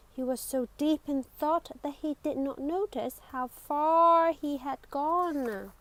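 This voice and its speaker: A woman reading a children's picture book aloud in an expressive way, with dramatic whispers and exclamations. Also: sits high, poor audio. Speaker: storybook reader.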